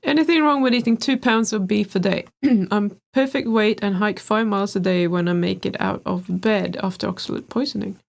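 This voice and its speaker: A woman's voice: medium pitch, moderate pace, creaky, hardly any pauses. A woman co-hosting a casual live stream, reading out viewer questions and chatting in an offhand, laughing way.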